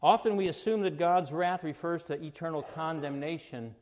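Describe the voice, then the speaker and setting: Male pastor, higher-pitched voice, preaching style with dynamic swings from soft asides to loud emphasis. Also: moderate pace. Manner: emphatic preaching, swings between quiet asides and raised exclamations. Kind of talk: sermon.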